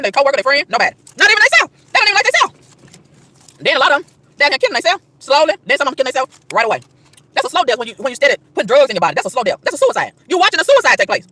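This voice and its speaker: Fast, fiery preaching woman outdoors. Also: sits high, bright, forceful tone, dry recording. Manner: emphatic, repeats and stammers over words, rhetorical questions. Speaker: vlogger. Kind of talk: preachy street rant to camera. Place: outdoors in a park.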